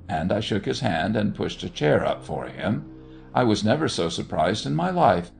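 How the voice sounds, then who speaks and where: A man reading a first-person tale in a measured, conversational manner. His voice sits low with a gravelly edge, and his pitch moves a lot as he tells the story. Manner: measured, conversational, with animated dialogue. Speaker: audiobook narrator.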